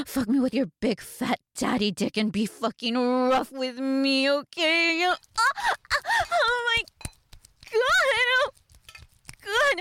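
A woman voicing a defiant young waitress in a scripted audio role-play, teasing and sarcastic, then pleading, with a breathy voice. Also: fairly bright tone, no echo, studio quality. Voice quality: breathy, swings between low murmurs and high cries.

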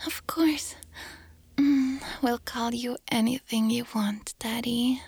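A woman in a whispered role-play with a breathy voice, talking eagerly and mostly in a whisper. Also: on the high side, fairly even intonation, slow, a little mellow, no echo.

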